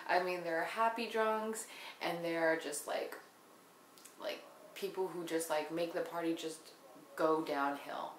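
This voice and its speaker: A young woman talks through a reality show episode in a casual, foul-mouthed and sarcastic way, voice sitting on the low side for a woman. The room is roomy and echoey, with a faint hiss of background noise. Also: steady tone, a little slow. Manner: profane, blunt, sarcastic, mimics people she quotes. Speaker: reality TV recapper.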